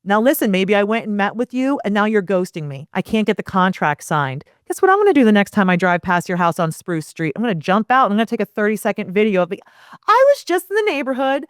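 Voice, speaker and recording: Energetic woman with a smooth voice. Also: mid-range voice, fast, hardly any pauses, dry recording, studio quality. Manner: energetic, animated, acts out quoted lines. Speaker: guest, property management founder. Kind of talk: casual interview chat.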